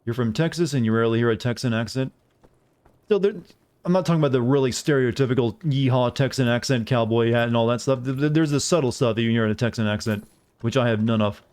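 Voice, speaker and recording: A man with a clean, slightly mellow mid-range voice talks fast while streaming a game. He chats casually with viewers over the gameplay, teasing them and playfully sidestepping their questions.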